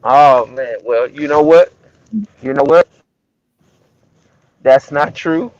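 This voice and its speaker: A man's voice: a little high, slow, darkish tone, no echo, muffled recording. A man from Alabama, calling in to a talk show and making his point with emphatic, preachy rhetorical questions. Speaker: caller. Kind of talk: call-in show chat.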